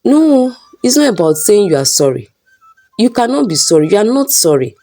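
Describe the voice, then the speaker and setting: A woman's voice: mid-range voice, big pitch swings, moderate pace, dark tone, soft background music, voice pushed up. A woman voicing a betrayed wife who scolds her husband with scorn. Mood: angry. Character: angry betrayed wife, sharp-tongued.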